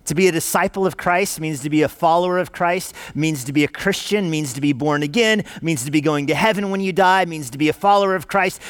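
A man's voice: a little high, brisk, hardly any pauses, clear, resonant tone, dry recording. Emphatic male preacher, dry close sound. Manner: earnest, emphatic, punchy repeated short phrases. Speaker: pastor. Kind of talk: sermon. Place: church sanctuary.

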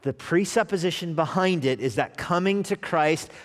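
Guy preaching a sunday sermon, kinda high voice, swings from loud to hushed, big echoey church. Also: moderate pace. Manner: animated preaching, dropping to quiet asides. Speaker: pastor. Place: church sanctuary. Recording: long reverb of a church hall.

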